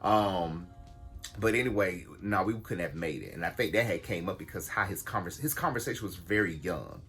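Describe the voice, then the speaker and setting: A man telling a story to his viewers in a casual vlog, blunt and animated, swearing freely and calling his audience y'all. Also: sits low, moderate pace, faint music behind. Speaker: vlogger.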